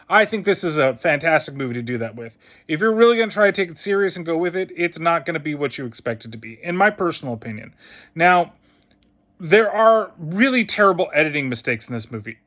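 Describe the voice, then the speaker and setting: A man with a somewhat higher-pitched voice talks through a film review in a loose, casual way. He is blunt and swears constantly, and his delivery has a scornful, mocking edge. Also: fairly bright tone. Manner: blunt and heavily profane.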